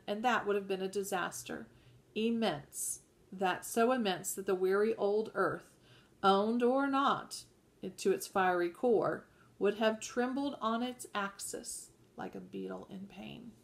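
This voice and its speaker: Slow, measured woman reading a novel. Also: medium pitch. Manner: measured, occasional self-corrections. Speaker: audiobook reader.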